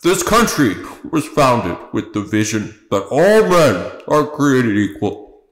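A man's voice: medium pitch, big pitch swings, slow, roomy sound, low-quality recording. A man playing an earnest, awkward werewolf running for mayor, speechifying in a comedic table read. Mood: solemn.

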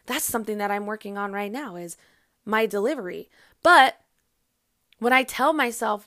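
A woman's voice: on the high side, expressive, moderate pace, fairly bright tone, no room sound, studio quality. A woman hosting a podcast in a casual self-help monologue, blunt and emphatic, swearing freely and acting out her own inner voice. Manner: acts out her inner voice in quotes. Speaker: podcast host.

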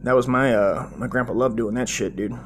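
A man's voice: mid-range voice, steady tone, fairly quick, a little hiss or hum. A man in his forties casually telling a long childhood story, profane and loose, with lots of "dude" and "right?".

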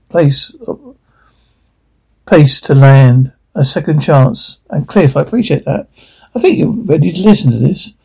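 A man speaking TV drama dialogue in a weary, gruff way, with a gravelly, husky voice. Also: on the high side, warm tone.

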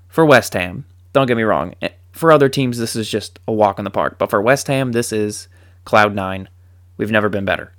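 Animated, joking male football fan. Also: mid-range voice. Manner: animated and joking, with dry sarcasm. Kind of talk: casual sports commentary.

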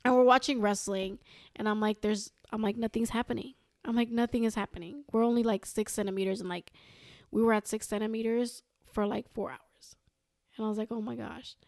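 A young woman telling a story as a podcast guest, animated and quoting herself and others. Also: a little high, brisk, no echo, clean studio sound. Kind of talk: casual storytelling.

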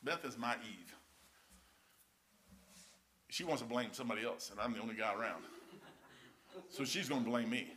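A man's voice: medium pitch, moderate pace, long pauses, bright, forceful tone, a little hiss or hum. An older man preaching in a casual, rambling storytelling way, full of folksy anecdotes and saying "man" a lot. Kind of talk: storytelling sermon.

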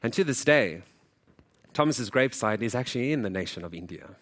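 A male pastor delivering a sermon in a conversational, animated manner. He shifts into character voices to act out the people in his story and jokes with the congregation. His voice sits at a middling pitch for a man. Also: fairly quick. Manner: animated, acts out quoted dialogue.

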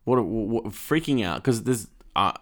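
A man in casual conversation who talks quickly, repeating himself and restarting his sentences. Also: fairly low pitch, expressive. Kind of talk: casual chat.

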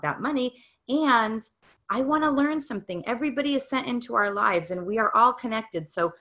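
A woman's voice: fairly high pitch, expressive, normal speed, fairly bright tone. A middle-aged woman giving an upbeat, encouraging motivational talk, coaching the listener. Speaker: speaker on growth mindset.

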